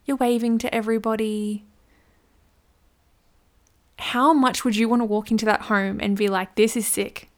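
A woman hosting a solo business podcast, chatty and playful, acting out little scenes as she gives advice. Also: fairly high pitch. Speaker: podcast host, business coach.

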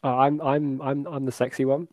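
A man's voice: mid-range voice, flat delivery, normal speed, darkish tone, no room sound. A young man chatting as a podcast guest, laid-back and self-mocking, with trailing fillers over a call. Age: young adult. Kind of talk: casual podcast chat.

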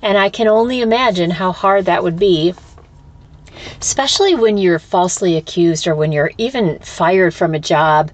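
Thinking aloud on her own spiritual podcast, this woman speaks at a normal speed in a lowish voice. She's candid and reflective as a teacher, cursing freely and often starting her sentences over.

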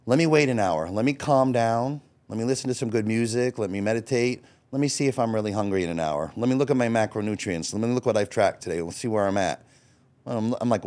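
A man's voice: fairly low pitch, quick pace, a little mellow. A man in his forties telling his own story as a podcast guest, blunt and profane, acting out his past thoughts as quotes. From Florida. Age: 40s. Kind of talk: candid personal storytelling.

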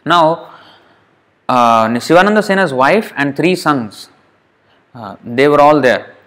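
A man's voice: fairly high pitch, animated, takes it slowly, a bit bright. A man speaking at a temple, telling a sacred story in a conversational sermon, acting out the quotes and asking the listeners questions.

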